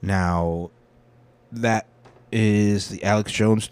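A man's voice: fairly low pitch, normal speed, a little mellow. A young man hosting a casual news commentary, rambling and swearing freely. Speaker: show host.

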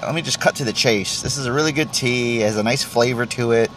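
A man's voice: mid-range voice, fast talker, fairly bright tone, a little hiss or hum. A man hosting his own podcast, rambling casually and self-deprecatingly while tasting tea, cursing often and stumbling over restarts. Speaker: podcast host. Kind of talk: casual solo podcast rant.

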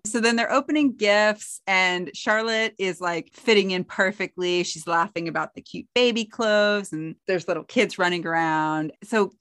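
A woman's voice: moderate pace, few pauses, a bit bright, dry recording, clean studio sound. A woman co-hosting a podcast, casually retelling a TV episode and acting out the characters' lines in a raised voice. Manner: chatty retelling, acting out quotes in a higher voice. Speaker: podcast co-host. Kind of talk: casual recap chat.

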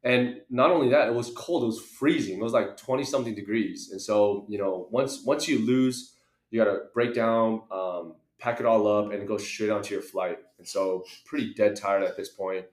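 A man's voice: lowish voice, normal speed. A young man on a podcast, telling a story in casual chat, acting out voices and laughing along the way. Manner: animated storyteller, acts out voices, laughs often. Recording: echoey room.

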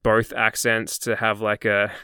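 A man's voice: lowish voice, monotone, a little slow, pushed and bright, clear, resonant tone, no room sound, clean studio sound. An Australian man co-hosting a podcast in casual chat, laughing often and talking with many fillers. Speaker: podcast co-host.

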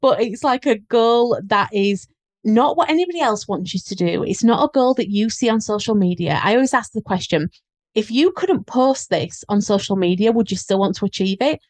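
A woman's voice: medium pitch, lively intonation, moderate pace, darkish tone, no room sound. A woman with a Northern English accent, a guest business coach talking in an earnest, flowing, reflective way in a casual podcast chat.

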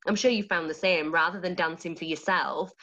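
Lower-voiced Yorkshire woman, dance studio owner; gushing, animated interviewee who laughs easily. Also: brisk, highs cut off. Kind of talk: enthusiastic interview answers.

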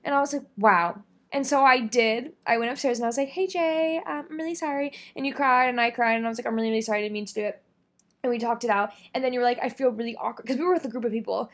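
A woman's voice: a little high, quick pace, a bit bright. A woman in her twenties co-hosting a podcast, telling a story in casual chat, acting out quotes with lots of laughter and some swearing. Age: 20s. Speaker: podcast co-host.

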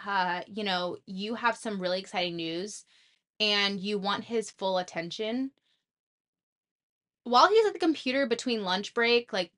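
A young woman talks through her podcast in a relaxed, chatty advice style, often slipping into acted-out lines of dialogue. Her voice sits a little high and sounds bright and forward. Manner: chatty, animated, full of "like" and acted-out quotes. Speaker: podcast host. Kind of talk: casual advice talk.

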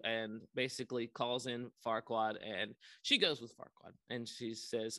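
A man's voice: mid-range voice, steady tone, unhurried, sharp tone, no room sound. A young man casually recapping a movie on a podcast, rambling with lots of ums and likes. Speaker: podcast co-host.

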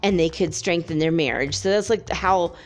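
A woman with a fairly low voice chats her way through a story, often laughing and leaning on fillers like "um" and "you know" whenever she pauses.

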